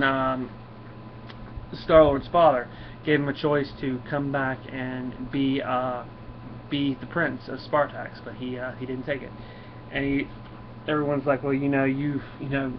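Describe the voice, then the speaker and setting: A man's voice: mid-range voice, fairly even intonation, normal speed, lo-fi sound, a little hiss or hum. A man casually reviewing a comic book, rambling with many fillers and reading the dialogue aloud. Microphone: camera mic.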